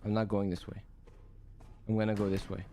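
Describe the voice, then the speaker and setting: This young gameplay streamer provides let's play commentary, jumpy, cursing, and talking to himself. His voice is fairly low, monotone, and mellow, moving fairly quickly, with slight background noise.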